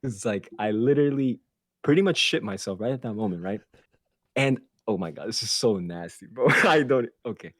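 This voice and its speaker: Man, podcast host, casual storytelling, animated, profane, lowish voice, dry sound. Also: moderate pace, no echo. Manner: animated, profane, laughs through his story.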